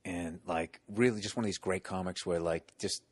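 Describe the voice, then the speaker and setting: A man's voice: low voice, steady tone, normal speed, breathy edge. A middle-aged man hosting a podcast, telling profane stories and acting out the people in them. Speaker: podcast host. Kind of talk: casual chat, storytelling.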